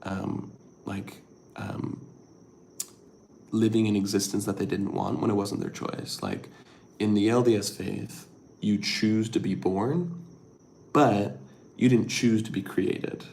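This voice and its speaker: A middle-aged man with a lowish, gravelly voice hosts a casual livestream, talking softly and rambling through viewer comments with plenty of ums and likes. A faint hiss of noise sits behind him. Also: expressive, slow pace, pauses often. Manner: rambling, soft-spoken, with many fillers. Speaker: livestream host.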